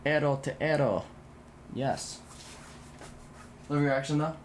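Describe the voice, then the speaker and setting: A young man livestreams himself assembling a computer, chatting bluntly and ramblingly with viewers, swearing and restarting sentences. His voice runs on the high side and he takes it slowly, with slight background noise.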